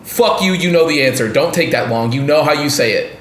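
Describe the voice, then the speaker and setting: A man's voice: on the high side, expressive, fairly quick, fairly bright tone, reverberant. A man co-hosting a podcast, brash and profane, ranting in mock outrage. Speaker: podcast co-host. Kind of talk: casual chat.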